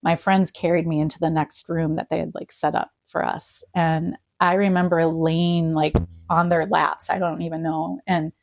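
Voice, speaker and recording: A middle-aged woman, a podcast guest, quietly telling an emotional personal story with many pauses and fillers. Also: deep voice, little pitch movement, vocal fry, dry recording.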